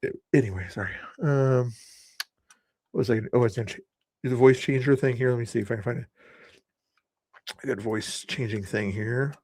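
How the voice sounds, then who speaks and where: A man's voice: medium pitch, a little fast, long pauses, darkish tone, no echo. A man hosts a late-night live stream from his home setup. He talks in a loose, rambling way straight to his viewers. The mic sound is dry and close. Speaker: livestream host. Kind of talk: casual live-stream chat.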